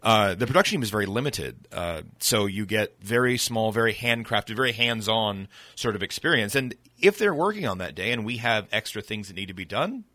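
Lower-pitched man with a radio-ready voice, chatty radio-show guest. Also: animated, fairly quick, hardly any pauses, pushed and bright, no room sound. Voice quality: rich broadcast-style voice. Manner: chatty, storytelling, laughs often. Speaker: guest, distillery tour guide. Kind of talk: casual radio interview chat. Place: radio studio.

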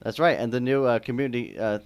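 A man's voice: mid-range voice, lively intonation, fast, creaky. A man co-hosting a casual radio talk show, hesitant and full of fillers. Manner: hesitant, with many fillers and restarts.

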